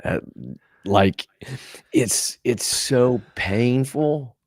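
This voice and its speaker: A man's voice: medium pitch, very slow, no echo, clean studio sound. A man co-hosting a church podcast, talking casually and laughing easily. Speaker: podcast co-host. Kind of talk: casual banter.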